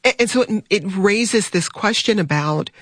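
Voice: medium pitch, animated, normal speed, a bit bright, no echo. A radio host guiding a discussion and putting questions to guests by name.

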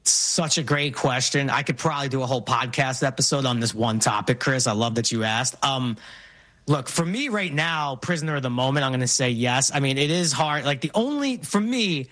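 A man in his forties from New York, co-hosting a casual chat and telling stories in an animated way with frequent restarts. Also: mid-range voice, a little fast, no room sound. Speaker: co-host.

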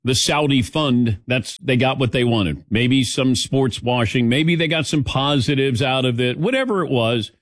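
A man hosting a sports talk show, telling stories in a rambling, animated way and acting out what others said. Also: medium pitch, moderate pace, few pauses, no room sound, studio quality. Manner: rambling, animated storytelling with mimicked quotes. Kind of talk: casual sports talk chat.

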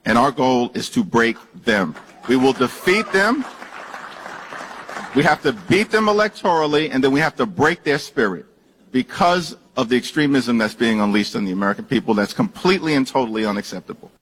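A man's voice: mid-range voice, animated, fairly quick, fairly bright tone, husky, a faint crowd. A male politician speaking firmly and declaratively in a played-back speech clip. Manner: firm, declarative. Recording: reverberant hall audio clip.

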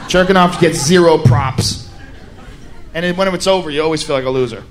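A young man doing a crude, animated stand-up routine, breaking into shouts at times, on a stage mic. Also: a little high, a little fast, faint music behind, a faint crowd. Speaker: stand-up comedian. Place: comedy stage before a live audience.

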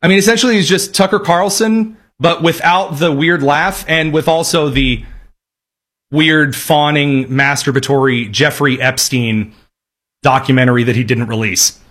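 A man's voice: on the high side, normal speed, fairly bright tone. A man delivering sarcastic, emphatic political commentary in a ranting style. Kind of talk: opinionated commentary.

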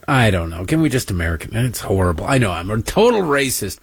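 Male talk host, husky voice, sarcastic rambling monologue, dry close sound. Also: medium pitch, no echo. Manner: sarcastic, rambling, mocking asides. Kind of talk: opinionated talk show monologue.

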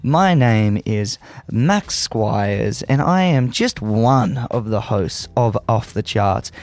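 A man's voice: lowish voice, lively intonation, slow pace, a little mellow. Upbeat chatty male radio host. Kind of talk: casual radio chat. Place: small radio studio. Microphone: studio microphone.

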